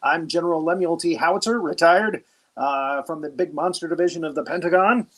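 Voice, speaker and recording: A man playing a retired army general who briefs cadets, hosting in a halting, mock-official way with many pauses. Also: on the high side, a bit bright. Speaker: host. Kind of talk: improvised comedy character.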